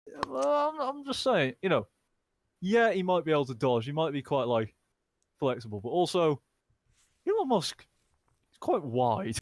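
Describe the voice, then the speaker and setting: A man's voice: huge pitch swings, moderate pace, long pauses. A man co-hosting a casual podcast, joking and laughing often. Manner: jokey, laughs often, pitch leaps. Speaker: podcast co-host. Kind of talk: casual group chat.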